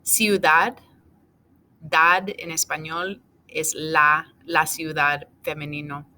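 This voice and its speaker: A woman teaching a recorded class, going over answers item by item in a steady, methodical way. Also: sits low, slow pace, a little hiss or hum. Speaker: Spanish teacher.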